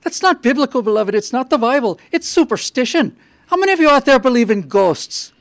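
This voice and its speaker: A man's voice: extremely high pitch, very animated, a bit bright, dry recording, studio quality, pitched above the performer's own voice, exaggerated voice. A man voicing a stern young Irish priest with an Irish accent, preaching indignantly to his congregation. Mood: scandalized. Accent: Irish, put on. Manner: preachy, indignant, drawn-out sermon delivery.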